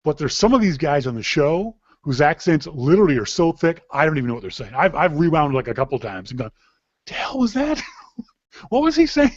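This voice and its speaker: Man from Canada, podcast host, rambling casual chat, mid-pitched, dull dry lo-fi sound. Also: dry recording. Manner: rambling, chatty, with frequent restarts and laughs.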